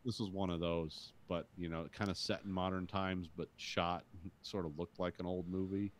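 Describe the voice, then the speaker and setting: Low-voiced laid-back man. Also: flat delivery, moderate pace. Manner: laid-back, rambling, profane. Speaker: podcast co-host. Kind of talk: casual movie chat.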